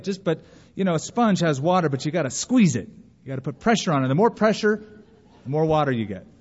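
A man's voice: on the high side, darkish tone. A man preaching a sermon in a folksy manner, acting out the voices of the people he quotes. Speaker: pastor. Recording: dull, long church reverb.

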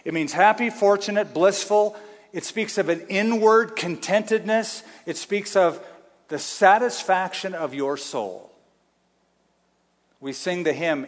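A man preaching a sermon to a congregation, emphatic, slowing down to stress key phrases and asking the room to answer him. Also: sits high. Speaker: pastor. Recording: long hall reverb.

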